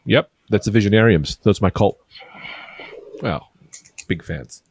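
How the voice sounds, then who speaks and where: A man riffing through an improvised comedy podcast, rambling and deadpan-absurd, speaking into a studio microphone. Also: fairly low pitch, a little slow, breathy edge. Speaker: podcast co-host.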